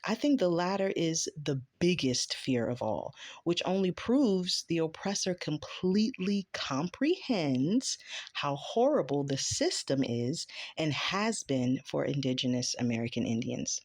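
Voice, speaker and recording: A woman's voice: deep voice, very animated, a little slow, darkish tone. A woman vlogger giving an impassioned opinion monologue to camera, asking rhetorical questions and swearing now and then.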